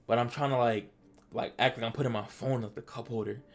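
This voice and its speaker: Fast-talking man telling a story. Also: mid-range voice. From Delaware, US. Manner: animated, stammering, acts out his own past lines. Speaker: storytelling vlogger. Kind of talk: casual storytime.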